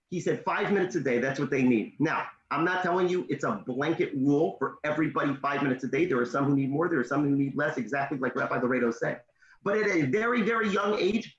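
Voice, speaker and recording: A man and motivational speaker giving parenting advice in an animated storytelling way on a video call. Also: on the high side, roomy sound, highs cut off. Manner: animated, with emphatic pauses and tips.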